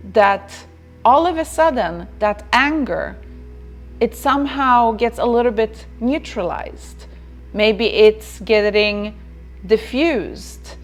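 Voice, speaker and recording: A woman giving a reflective motivational talk on self-care, who repeats phrases and checks in with "right?". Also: a little high.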